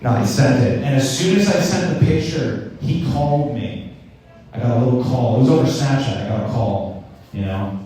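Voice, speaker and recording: A man's voice: mid-range voice, animated, moderate pace, mellow, a little hiss or hum. A young man doing a rambling, self-deprecating stand-up comedy set with stammered restarts. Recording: echoey room, mic heard from a distance.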